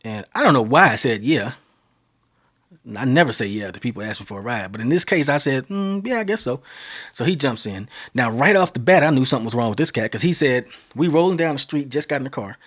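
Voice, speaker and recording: A man from Texas in his thirties tells a long tale on his podcast in a loose, conversational way. He drifts and circles back, then his voice rises and speeds up as the action builds. His pitch sits in an ordinary middle range for a man. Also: fast talker, few pauses. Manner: animated storyteller, voice climbs when excited. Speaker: podcast host. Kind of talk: casual storytelling monologue.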